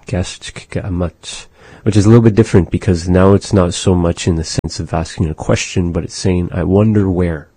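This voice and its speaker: A man teaching vocabulary in a language lesson, slowly explaining phrases and modeling pronunciation for learners to repeat. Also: sits low, fairly even intonation, dark tone, husky, no room sound. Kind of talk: language lesson with repetition drills.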